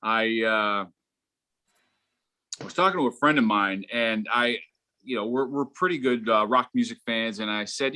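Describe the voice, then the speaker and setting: This is a middle-aged man performing stand-up. His voice is bright and forceful, with a middle-of-the-road pitch. He wanders through his stories in a halting way, with frequent fillers and restarts. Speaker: stand-up comedian. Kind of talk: stand-up comedy set.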